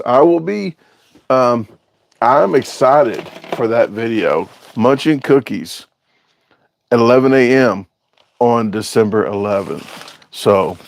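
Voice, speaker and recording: A man's voice: mid-range voice, lively intonation, slow pace, vocal fry, pauses often, a little mellow, low-quality recording. A man hosting a casual livestream, rambling and joking as he reads viewer comments aloud and answers them. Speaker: livestream host reading chat.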